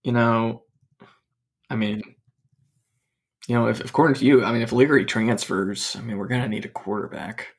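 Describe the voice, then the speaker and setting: A man's voice: medium pitch, steady tone, moderate pace, pauses often. A man co-hosting a podcast, chatting casually about college football and hedging his points with lots of fillers. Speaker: podcast co-host. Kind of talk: casual sports chat.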